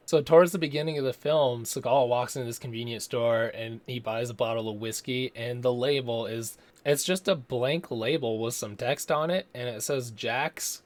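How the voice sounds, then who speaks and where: A man giving a casual, rambling movie review, swearing freely and slipping into mocking impressions. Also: medium pitch.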